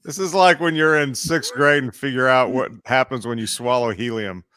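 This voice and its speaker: A man's voice: mid-range voice, moderate pace, sharp tone, clear, resonant tone, no echo. A man co-hosting a podcast, bantering in a wry, joking way. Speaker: podcast co-host. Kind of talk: casual banter.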